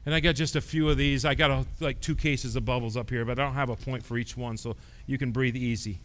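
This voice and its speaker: A man preaching a sermon, swinging from quiet talk to loud preaching and asking the congregation questions. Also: mid-range voice, fairly even intonation, fast talker. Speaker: pastor.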